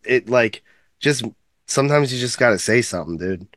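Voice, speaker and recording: A man in casual podcast chat, telling an animated, profane story and acting out his own lines. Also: mid-range voice, moderate pace, no room sound, clean studio sound. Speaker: podcast co-host.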